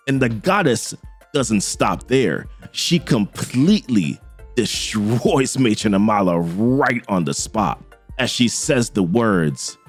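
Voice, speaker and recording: A man recapping a comic book in casual, enthusiastic commentary, dotted with fillers. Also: mid-range voice. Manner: enthusiastic, filler-heavy narration.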